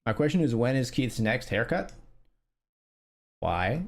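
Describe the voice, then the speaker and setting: A man streaming his online poker session, narrating the hands as they come. He talks loosely and wryly, thinking out loud and throwing in curses. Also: medium pitch, big pitch swings, unhurried, gravelly. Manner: profane, wry, thinking aloud. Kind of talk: casual live-stream commentary.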